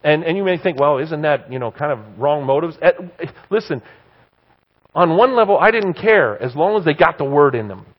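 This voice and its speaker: Animated storytelling preacher, man, lo-fi. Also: fairly high pitch, normal speed. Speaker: pastor and professor. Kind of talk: sermon. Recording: dull lo-fi sound.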